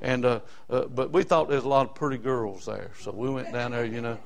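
A man's voice: mid-range voice, steady tone, brisk, gravelly. An older man with a South Carolina Southern accent preaching a fiery, folksy sermon in colloquial grammar.

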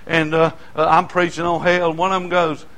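An older man preaching a sermon, telling folksy stories in an animated way and breaking into shouts. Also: fairly high pitch, brisk, heavy background noise. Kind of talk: sermon storytelling.

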